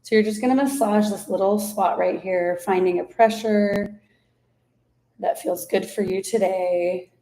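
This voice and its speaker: A woman guides listeners through an ear massage and slow breathing. She talks gently and without hurry, step by step. Now and then she stops to search for a word. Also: mid-range voice, fairly even intonation. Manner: gentle and unhurried, with fillers and restarts. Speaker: somatic practice instructor. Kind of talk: guided body practice instruction.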